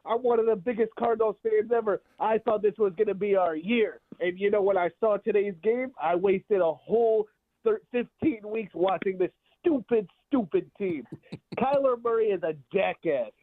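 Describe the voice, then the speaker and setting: A man's voice: sits high, normal speed. A man calling in as a frustrated fan, exasperated and swearing. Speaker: caller. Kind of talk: angry fan rant on a call-in line. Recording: tinny phone line.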